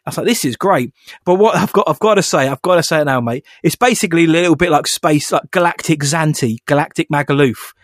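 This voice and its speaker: A podcast co-host with a fairly high-pitched voice talks fast in a dry, studio-quality recording. He chats casually, rambling along with fillers and laughs.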